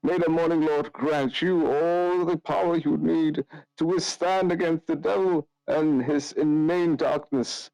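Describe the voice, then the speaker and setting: A courteous older village priest, as a man puts him on for a tabletop game, with a voice lifted well above his own low register. He speaks slowly and ceremoniously, with hesitant fillers. The sound is close and dry. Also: fairly even intonation, creaky, dark tone, no echo, rough recording.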